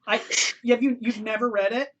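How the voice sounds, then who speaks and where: A man's voice: extremely high pitch, steady tone, a little fast, highs cut off. Young man, youth pastor host, casual and stumbling, noisy livestream audio. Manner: loose and chatty, stumbling restarts, laughs easily.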